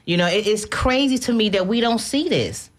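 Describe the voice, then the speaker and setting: Lively female radio co-host. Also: mid-range voice, moderate pace. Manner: lively, emphatic, laughs often. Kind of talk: casual talk radio.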